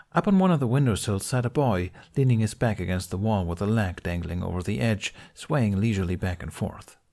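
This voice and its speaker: A man narrating a fan fiction podfic with measured storytelling. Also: lowish voice, a little mellow.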